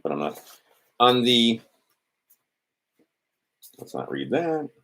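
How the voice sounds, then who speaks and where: A man hosting an informal instructional talk, thinking aloud, trailing off and restarting, and acting out quoted exchanges. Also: deep voice. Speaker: host of an instructional video.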